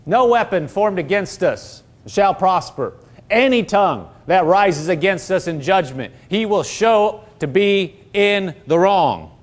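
A man's voice: sits high, animated, slow pace. A middle-aged man, a pastor, preaching a sermon, quoting scripture and calling for responses from the congregation.

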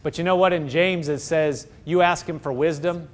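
A man preaches a sermon at a moderate pace, swinging between loud, excited exclamations and low, hushed tones.

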